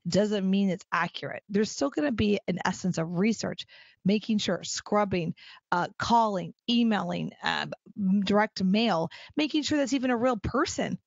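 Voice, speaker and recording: A middle-aged woman hosting a solo podcast. She talks in an animated, emphatic way and repeats phrases for stress. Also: medium pitch, vocal fry, no room sound, muffled recording. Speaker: podcast host. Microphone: close mic at a desk chair.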